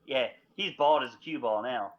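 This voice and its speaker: A young male podcast co-host tells stories in a casual, lively chat loaded with fillers. His voice is medium-pitched at a normal speed, and the recording sounds dull and lo-fi.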